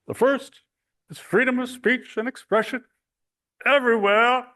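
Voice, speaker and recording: A man doing an impression of a 1940s male president, declaiming his address in a high, ringing voice. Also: fairly even intonation, a little slow, sharp tone, exaggerated voice. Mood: orating. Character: old-time male president giving a radio address.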